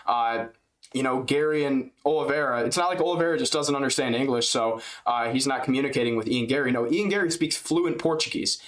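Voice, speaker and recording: A man's voice: mid-range voice, fairly bright tone. Exasperated young man ranting casually. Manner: rambling, exasperated, heavy slang and swearing. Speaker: reaction video host. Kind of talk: casual reaction commentary.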